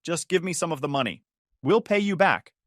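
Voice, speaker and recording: A man's voice: fairly high pitch, lively intonation, a little fast, a bit bright, dry recording, studio quality, pitched above the performer's own voice. A man voicing a desperate, accusing sister. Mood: pleading. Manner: pleading, accusing, raised voice. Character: desperate angry adult sister, self-pitying.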